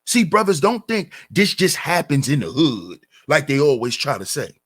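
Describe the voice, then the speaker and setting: Brief: male host, emphatic commentary rant, slightly high and husky voice. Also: very animated, normal speed, a bit bright. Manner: emphatic, repetitive rhetorical questions. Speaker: channel host.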